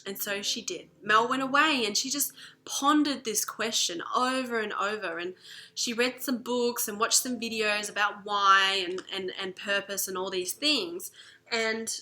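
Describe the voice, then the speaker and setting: Woman, coach, chatty animated storytelling, bright voice, fillers. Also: medium pitch, a little slow. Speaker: spiritual coach. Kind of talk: storytelling lesson.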